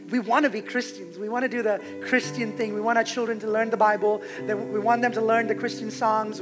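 High-voiced guy preaching, fired up, gets loud then drops to near whisper, music under it. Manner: impassioned, emphatic, swings between loud and hushed. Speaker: pastor. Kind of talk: sermon. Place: church. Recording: music playing behind the preaching.

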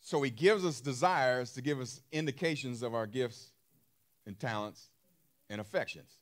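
Speaking at a medium pitch and moderate pace, this pastor delivers an emphatic sermon. He repeats phrases and poses questions to his audience, along with other features.

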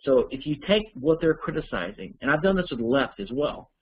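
A man's voice: a little high, very animated, fairly quick, phone-quality sound, slight background noise. A man teaching an online course, answering listener questions in a rambling, conversational way as he thinks aloud.

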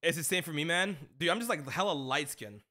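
A man's voice: fairly high pitch, a little fast, pushed and bright. A young man streaming, chatting casually with slangy banter and telling a funny story about his dad. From Mexican-American family. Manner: laid-back slangy banter, laughs at his own stories.

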